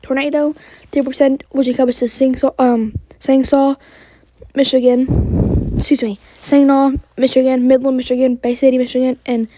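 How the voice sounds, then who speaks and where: Hurried high-voiced woman reading forecast. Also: level tone, warm tone. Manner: hurried, stumbles over place names, self-correcting. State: frustrated. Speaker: amateur weather outlook presenter. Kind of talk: rushed weather forecast reading.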